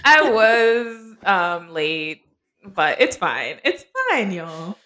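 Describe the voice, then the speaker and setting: A woman on a casual podcast chat, with a bright, forward tone. Her pitch sits in the middle but moves a lot as she teases herself and jokes with her co-hosts. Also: lively intonation, drawn-out words. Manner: self-mocking, joking banter. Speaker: podcast co-host.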